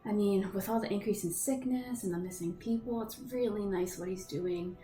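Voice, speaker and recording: A woman's voice: medium pitch, normal speed, warm tone, roomy sound, faint music behind, close to an everyday voice. A woman voicing a young traveling woman, half-whispered and gushing. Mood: wistful. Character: young human woman traveler, wistful and excited.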